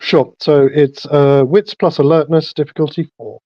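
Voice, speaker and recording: A man runs a tabletop horror game as storyteller, his voice sitting a little high. He narrates in a relaxed way, pausing on fillers as he goes. The sound is dull and lo-fi, with a dry, close feel. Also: no room sound.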